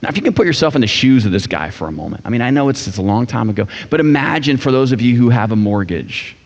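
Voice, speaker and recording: A man's voice: medium pitch, sing-song, quick pace. Male pastor, casual and jokey, slightly muffled, long hall reverb. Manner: casual, joking preacher voicing characters. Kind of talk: sermon. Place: church sanctuary. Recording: dull sound with long church reverb.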